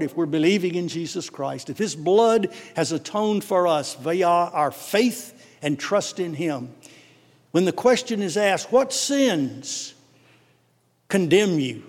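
A man with a Texan accent preaching a sermon as pastor, swelling emphatically on key words and dropping into quick asides. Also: sits high, expressive. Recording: long hall reverb.

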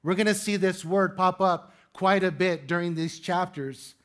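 A male pastor with a high voice preaches to his church in an easy, conversational way. He asks his listeners rhetorical questions and adds light humor. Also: moderate pace, a bit bright. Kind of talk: sermon. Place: church sanctuary with congregation.

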